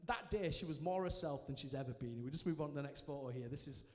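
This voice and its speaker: A man giving a personal testimony to a live audience, telling it as a lively story with self-mocking humour. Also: on the high side, quick pace. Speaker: guest speaker sharing his testimony. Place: large church hall, indoors. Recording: reverberant church hall.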